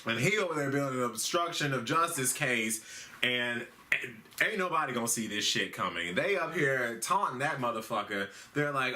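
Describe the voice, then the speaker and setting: A man hosting a comedic news recap in a very bright, sharp voice. He rambles in a slangy, profane way. His pitch sits at an ordinary male level. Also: lively intonation, moderate pace. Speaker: host.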